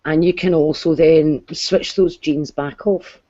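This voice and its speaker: A woman's voice: low voice, steady tone, a little slow, dark tone, dry recording, muffled recording. A woman in an online chat, explaining things patiently and step by step. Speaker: guest explaining science.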